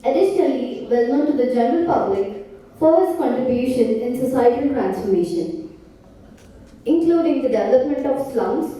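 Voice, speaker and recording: A woman emcee with a soft, very dark and mellow voice reads a formal welcome. She is heard from a distance in a large hall with heavy echo. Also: high-pitched, lively intonation, normal speed. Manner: formal, reading a prepared introduction. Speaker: event emcee. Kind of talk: formal introduction. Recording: echoey hall from far off.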